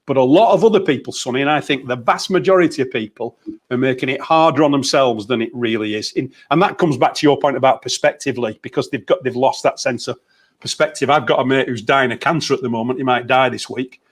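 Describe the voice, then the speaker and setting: A man's voice: medium pitch, quick pace. A man, a motivational coach in a casual group chat, telling stories and laughing easily over a video call. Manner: chatty storyteller, laughs easily.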